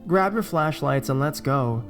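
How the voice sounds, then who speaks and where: A man's voice: a little high, animated, unhurried, faint music behind. A man voicing a sarcastic, bossy young woman on a camping trip, in a pushy, teasing manner. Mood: eager.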